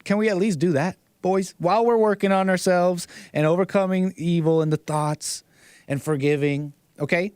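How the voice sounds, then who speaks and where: A man hosting his own commentary stream in a casual, mocking way, rambling and doubling back on his words. His voice sits a little higher than most men's. It is recorded dry and close, with little sense of a room. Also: expressive, moderate pace, a little mellow, no room sound. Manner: mocking, rambling, repeats himself, frequent chuckles. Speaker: online commentary host.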